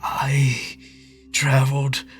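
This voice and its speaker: A man's voice: mid-range voice, monotone, breathy edge, faint music behind, pitched above the performer's own voice, exaggerated voice. Man doing a frail old groveling creature. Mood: groveling, pleading. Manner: pleading, stammering, slow. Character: frail elderly male creature, groveling and fearful.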